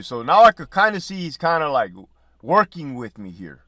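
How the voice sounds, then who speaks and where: A middle-aged man, a former prison officer, telling a profane, lively story in casual podcast talk. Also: mid-range voice, measured pace, pauses often, dry recording, clean studio sound. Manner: profane, animated storytelling with laughs and quoted dialogue.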